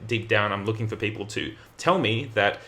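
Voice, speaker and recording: A young adult man, giving energetic, emphatic communication advice straight to camera. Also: on the low side, moderate pace. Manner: energetic, emphatic, plays out example phrases. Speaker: communication coach. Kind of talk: direct-to-camera advice talk.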